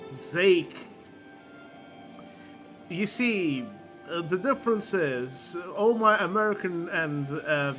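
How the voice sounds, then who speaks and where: A man's voice: a little high, pushed and bright, voice pushed down, full character voice. A man hamming up an accented god-villain. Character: mock-grand male god-villain with an accent.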